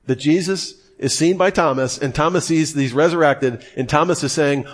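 A man's voice: fairly high pitch, moderate pace, hardly any pauses. A man giving a Christian apologetics lesson in a conversational way, with emphatic, incredulous asides. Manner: conversational, acts out quoted voices. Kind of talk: lively teaching talk.

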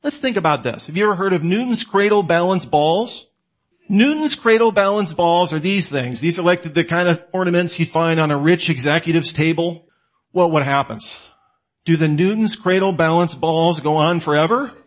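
Animated man lecturing to the listener. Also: a little high, moderate pace. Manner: animated, asks the listener questions and answers them himself. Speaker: apologetics teacher. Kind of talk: conversational lecture.

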